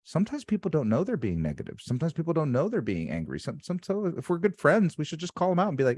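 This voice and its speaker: A man's voice: fairly high pitch, wildly swooping pitch, fast talker, few pauses, a little mellow. A man hosting a casual interview as a sales coach, talking in an emphatic, motivational way. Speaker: sales coach and podcast host.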